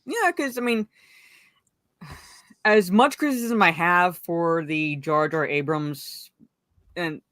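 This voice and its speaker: A woman's voice: on the low side, slow, long pauses, fairly bright tone, no room sound, clean studio sound. A woman hosting a casual live stream, chatting about a movie and greeting viewers from the chat. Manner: chatty, greets viewers and reads chat messages aloud, frequent fillers. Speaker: livestream host.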